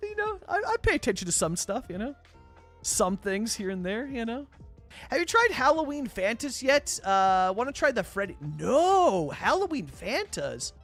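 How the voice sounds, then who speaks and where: A young man from British Columbia, Canada, talks through a live stream of a city-building game in a high, bright, forward voice. He rambles loosely and chattily, stuffing in fillers as he answers viewer chat, while soft music plays faintly underneath.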